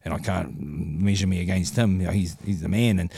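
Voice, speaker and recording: A man's voice: deep voice, a little fast, gravelly, dark tone, husky, dry recording, studio quality. A man with a New Zealand accent, a guest on a podcast, telling stories in a laid-back, casual way, swearing freely and laughing as he goes. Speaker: podcast guest, former boxer. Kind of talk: casual interview storytelling.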